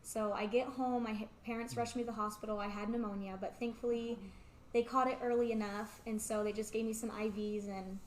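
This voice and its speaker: A young woman with a slightly high voice tells a personal story as an interview guest, chatty and full of "like". Her voice echoes around the room, with a faint hum of ambience underneath. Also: little pitch movement, fairly quick. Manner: chatty, peppered with "like", acts out quoted remarks.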